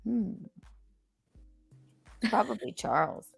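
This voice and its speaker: A woman's voice: medium pitch, very animated, slow pace, gravelly, breathy edge, faint music behind. A woman with a New York accent hosting a casual livestream chat, teasing and rambling with fillers, a bit under the weather. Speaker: podcast host.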